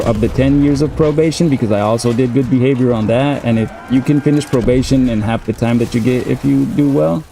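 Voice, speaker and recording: A man's voice: mid-range voice, dark tone, a little hiss or hum. A man in his thirties telling a personal story in a casual, profane, laid-back way. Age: 30s. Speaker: gaming streamer.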